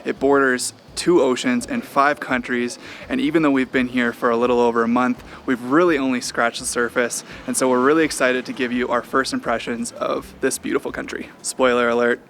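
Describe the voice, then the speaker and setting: A man's voice: medium pitch, level tone, fairly quick, fairly bright tone, a little hiss or hum. A man travel vlogger narrating in a friendly, informative way.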